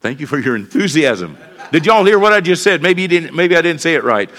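A middle-aged pastor with a medium-pitched, fairly bright voice speaks in a sing-song way at a moderate pace. He preaches a sermon in a folksy style, full of repeated phrases and asides.

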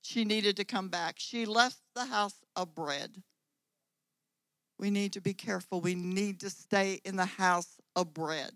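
A woman's voice: mid-range voice, measured pace, fairly bright tone, dry recording, poor audio. A woman preacher giving a sermon, driving points home with repeated phrases and rising volume.

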